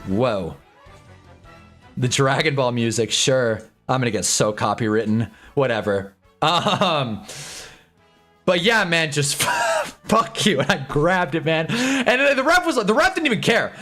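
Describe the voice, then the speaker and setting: A young man telling stories in a casual livestream chat, laughing as he goes, with loud bursts and mumbled asides. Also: a little high, lively intonation, measured pace. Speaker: livestream host. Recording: faint background music.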